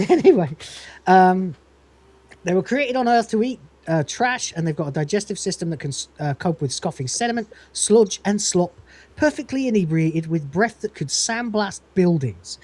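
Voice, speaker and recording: A man's voice: high-pitched, lively intonation, a little slow, pauses often. A man hosting a podcast, recapping an episode in a rambling, casual way and acting out the lines. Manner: rambling, laughs often, acts out quotes. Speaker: podcast host.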